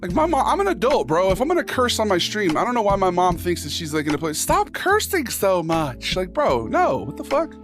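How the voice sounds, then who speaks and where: A man with a high-pitched, very animated voice rattles along at a quick pace with hardly any pauses. Hosting a casual livestream, he reads posts and answers his chat with jokey, foul-mouthed banter, instrumental music playing beneath him.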